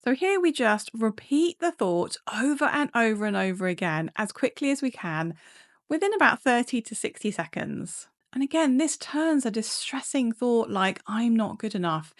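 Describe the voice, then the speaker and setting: A woman clinical psychologist explaining coping techniques in a calm, measured way. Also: on the high side. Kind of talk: instructional talk to camera.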